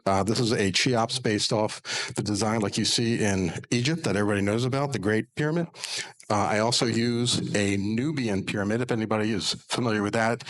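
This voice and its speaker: Middle-aged man, lowish voice, spiritual healer, earnest folksy storytelling, rhetorical asides. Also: a bit bright, rough recording. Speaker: spiritual healer and pyramid meditation teacher. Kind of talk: storytelling monologue.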